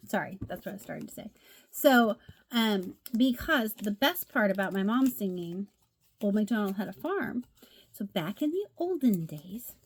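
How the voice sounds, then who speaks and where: A chatty middle-aged woman with a slightly high voice hosts a craft video. She gushes over each card in a relaxed show-and-tell way. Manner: gushing, chatty, says "love" a lot. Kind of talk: casual show-and-tell chat.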